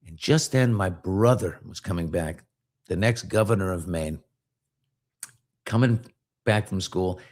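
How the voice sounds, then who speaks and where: Animated man telling a story. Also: low-pitched, measured pace, pauses often. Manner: animated, acts out voices in his stories. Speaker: podcast host. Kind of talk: casual storytelling chat.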